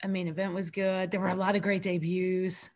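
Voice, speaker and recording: A woman's voice: fairly low pitch, level tone, brisk, a little mellow, a little hiss or hum. Chatty woman podcast host. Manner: chatty, laughing, acts out quotes. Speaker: podcast host, wrestling trainer. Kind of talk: casual podcast chat.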